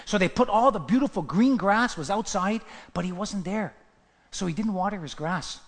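A male pastor preaching a sermon, emphatic, repeating his key phrases and swinging from hushed to loud. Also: high voice, expressive, normal speed. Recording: long hall reverb.

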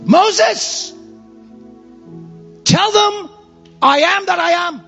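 A preacher voicing God, high and urgent. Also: male voice, extremely slow, vocal fry, soft background music, exaggerated voice. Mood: urging. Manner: loud, pleading, repetitive commands. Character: God calling Moses, commanding, urgent. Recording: muffled hall with long reverb.

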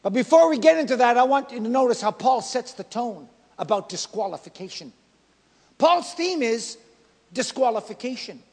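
A male pastor preaching a sermon, swinging from loud emphatic lines to quiet soft ones. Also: very high-pitched, big pitch swings, normal speed, in a large hall. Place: church.

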